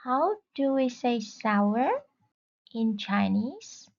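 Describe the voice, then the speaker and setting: A woman teaching a beginner language lesson, speaking slowly and clearly and repeating each word three times. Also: fairly high pitch, muffled recording.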